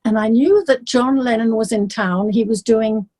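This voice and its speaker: An older English woman, a singer being interviewed, telling stories in a lively way and acting out the people she quotes. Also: fairly high pitch, moderate pace. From England. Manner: animated storyteller, acts out the people she quotes. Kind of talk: casual storytelling.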